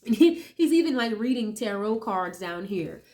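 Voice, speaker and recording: A woman's voice: mid-range voice, expressive, normal speed, a little mellow. A woman with a nasal voice from a cold, chatting casually as she reads tarot cards for viewers, thinking aloud with many tag questions. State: getting over a cold. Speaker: tarot reader.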